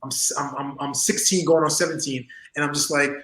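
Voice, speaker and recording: A man's voice: fairly high pitch, fairly quick, roomy sound, a little hiss or hum, rough recording. A man in his forties, a former wrestler, telling stories in a casual interview, laughing often and acting out other people's voices. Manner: animated storyteller, acts out voices, laughs often.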